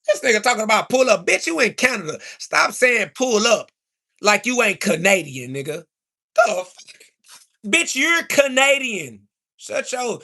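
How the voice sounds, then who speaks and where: A man, ranting loudly and profanely at his livestream chat, mocking and trash talking into a phone. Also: sits high, creaky. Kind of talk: angry livestream rant.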